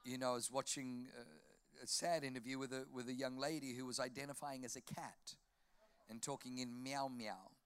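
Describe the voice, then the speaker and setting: A man with an Australian accent preaching a sermon, telling jokey stories in an animated way. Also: mid-range voice, clear, resonant tone, no room sound. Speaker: pastor.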